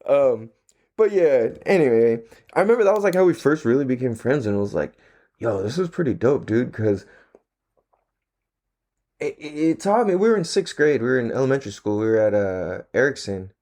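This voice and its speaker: A man's voice: medium pitch, lively intonation, fairly quick, darkish tone. Laid-back, profane male podcast host. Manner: laid-back, slangy and profane, laughs often. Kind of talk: casual solo podcast chat.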